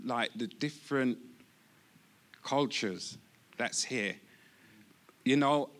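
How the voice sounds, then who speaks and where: A man giving an informal testimony at church, halting with many restarts and laughing easily. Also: mid-range voice, fairly bright tone.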